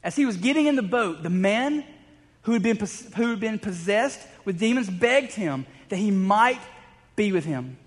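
A man's voice: high voice, animated, moderate pace, big-room sound. A man preaching a sermon, telling stories in a conversational way with frequent restarts. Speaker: pastor.

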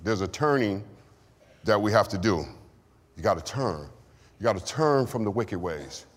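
A man's voice: on the low side, expressive, moderate pace. A man preaching a sermon and giving testimony, with call-and-response lines to the congregation. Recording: long hall reverb.

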